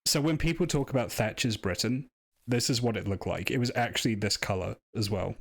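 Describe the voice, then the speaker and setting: A man's voice: medium pitch, brisk. Chatty British male game streamer. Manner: chatty, self-deprecating, explains history. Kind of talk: casual live-stream commentary.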